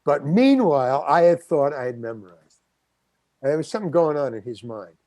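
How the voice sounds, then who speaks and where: A man's voice: on the high side, lively intonation, moderate pace, a little mellow, no room sound. An older man, a guest actor, telling a story in an interview and acting out the quotes. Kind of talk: anecdotal storytelling.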